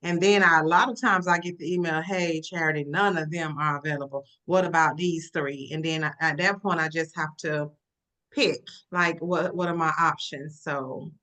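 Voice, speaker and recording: On a video call for a relaxed book club discussion, a woman author appears as a guest. Her voice sits low and her pace is moderate, and she's animated and expressive, now and then putting on playful voices.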